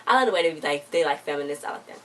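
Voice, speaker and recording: A woman's voice: low-pitched, lively intonation, racing, distant mic. A woman reviewing a TV episode in a casual, rambling recap, stringing the story together with "so then she's like.".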